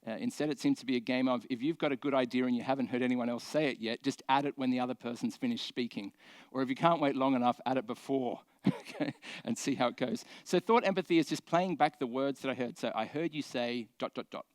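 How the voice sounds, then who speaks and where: A man's voice: medium pitch, fast, dry recording. A man giving a conference talk from a stage, speaking conversationally with many fillers and restarts.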